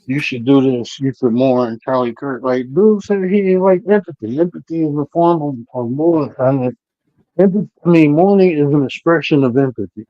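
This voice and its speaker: A man co-hosting a live stream who talks in a relaxed, laid-back way and uses a lot of slang. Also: fairly high pitch, normal speed, no room sound, dull audio. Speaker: stream co-host. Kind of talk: casual chat. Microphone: streaming mic.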